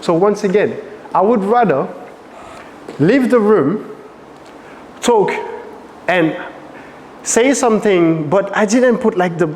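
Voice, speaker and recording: French-accented male dance coach, lively workshop teaching, reverberant room. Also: high-pitched, takes it slowly, pauses often, a little hiss or hum. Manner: animated, asks frequent check questions.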